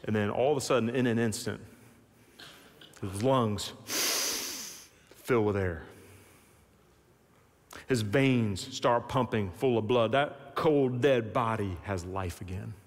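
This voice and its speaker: A man's voice: mid-range voice, normal speed, hardly any pauses. A man preaching a sermon as pastor, telling the story dramatically and acting out the voices of its people. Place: large church sanctuary. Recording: long reverb of a large hall.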